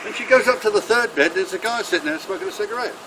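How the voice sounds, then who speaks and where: A man telling a long, earthy joke in an animated voice. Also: sits high, racing. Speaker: joke teller. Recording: noisy room.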